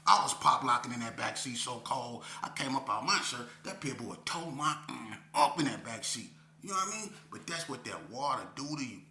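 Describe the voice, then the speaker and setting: Brisk and hardly pausing, with noticeable vocal fry, a male guest spins a story in a casual interview, peppering it with streetwise slang and checking in with listeners. He gets animated, pitching up high on the retold bits. An echoey room and a faint hum frame the recording.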